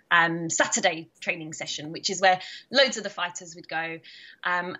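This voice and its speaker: A British woman in her thirties tells her stories with animation, laughing often and acting out what people said. Her voice is bright and forward, though the audio comes through dull and lo-fi, like a video call. It sounds like a relaxed interview. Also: on the low side. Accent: British English. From Britain. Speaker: guest, karate champion. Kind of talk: casual interview chat.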